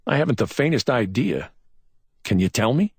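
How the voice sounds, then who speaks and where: A man playing a male investigator who presses with patient but insistent questions. The voice is husky, its pitch moving with expression. It is recorded close and dry. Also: big pitch swings, moderate pace, no room sound. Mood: probing. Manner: probing, gently insistent questions. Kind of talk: audiobook character voice.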